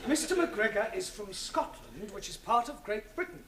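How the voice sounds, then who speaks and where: An actor playing an exasperated but patient young English teacher in a 1970s studio sitcom. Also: male voice, sits high, big pitch swings, moderate pace, crowd noise, noisy background.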